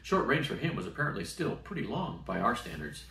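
A man's voice: mid-range voice, very animated, a little fast, vocal fry, bright, forceful tone. An older man steadily reading a novel aloud as a storyteller. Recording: roomy sound from a distant mic.

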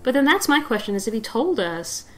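A woman's voice: a little high, sing-song, brisk, poor audio. Young woman doing casual lets play commentary, rambly, says like a lot, giggles. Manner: rambling, filler-heavy, giggly. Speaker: let's play host.

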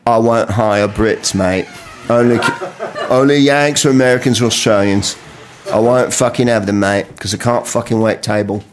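A man putting on a blunt, profane English restaurant manager who speaks in a low, matter-of-fact way. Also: steady tone, moderate pace, lightly acted. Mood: gruff.

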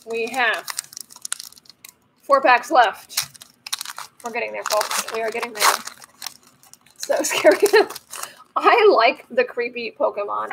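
A woman's voice: fairly high pitch, gravelly, noisy background. Chatty, playful woman host opening cards. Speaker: host of a card-opening channel. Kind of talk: casual card-opening commentary.

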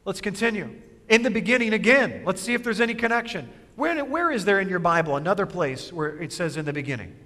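High bright-voiced preaching pastor. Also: male voice, lively intonation, big-room sound. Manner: emphatic preaching with rhetorical questions; swings between quick asides and slow stressed phrases. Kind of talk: sermon.

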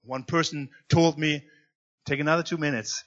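A man preaching a sermon as guest pastor in a church, swinging between loud emphatic lines and quiet low asides. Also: fairly even intonation, normal speed, lo-fi sound. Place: church sanctuary.

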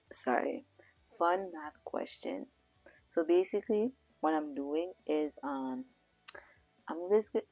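A woman with the hiccups talks slowly through math puzzles in a low, husky voice with plenty of vocal fry. She keeps stopping to say sorry and fix her words. The sound is dry and close, with faint music underneath. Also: a little mellow, dry recording, rough recording. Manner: frequent self-corrections with "sorry". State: has the hiccups. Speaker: vlogger. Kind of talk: casual vlog reading math puzzles.

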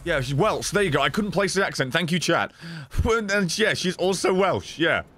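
A man's voice: on the high side, expressive, moderate pace, a bit bright. A man streaming gameplay in casual commentary, swearing often, joking and laughing.

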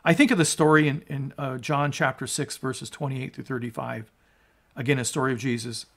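A man's voice: mid-range voice, fairly even intonation, brisk, vocal fry, fairly bright tone. A man preaching a sermon as a pastor, emphatic and conversational, asking his listeners rhetorical questions. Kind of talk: sermon on scripture.

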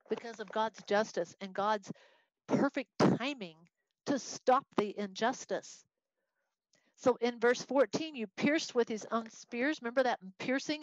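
A woman teaching a Bible study in an expressive, conversational way, reading scripture aloud and explaining it. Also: a little high, no room sound, highs cut off.

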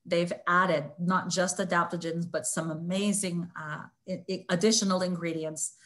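A woman hosts a webinar, sharing testimonials with open emotion and gushing praise. Her voice sits on the lower side for a woman. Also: level tone, normal speed, a bit bright. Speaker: host. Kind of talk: webinar testimonial and product talk.

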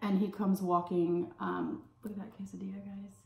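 A woman from California telling a casual story while eating, full of "like" fillers and pauses to savor her food. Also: mid-range voice, little pitch movement, creaky, mellow. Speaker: food vlogger. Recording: roomy echo.

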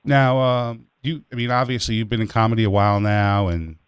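A man's voice: fairly low pitch, fairly even intonation, a little fast, clear, resonant tone, no echo. A man hosting a talk show from a studio, chatting casually with loose, crude teasing. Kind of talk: casual joking chat. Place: radio studio.

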